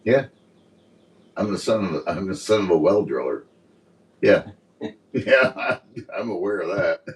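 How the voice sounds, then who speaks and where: Deep-voiced laid-back podcast man. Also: expressive, a little slow, far from the mic, rough recording. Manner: laid-back, short replies, swears casually. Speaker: podcast co-host. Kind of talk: casual chat.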